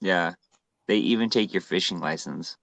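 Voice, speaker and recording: A man's voice: sits low, normal speed, gravelly, a bit bright, no echo. A man in casual conversation, talking in a rambling, laid-back way, full of fillers and restarts. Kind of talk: casual chat.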